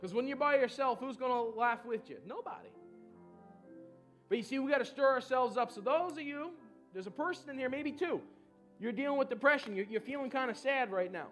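Very high-voiced fervent male pastor. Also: brisk, dull audio, soft background music. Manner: fervent, shouting hallelujahs and bursts of laughter. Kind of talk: charismatic church service, prayer and exhortation. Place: church sanctuary with a congregation.

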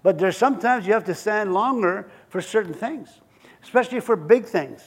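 A man preaching to his congregation with a high, bright voice. He moves between earnest encouragement and playful storytelling, acting out scenes and laughing along the way. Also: normal speed, husky. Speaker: pastor. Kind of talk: sermon.

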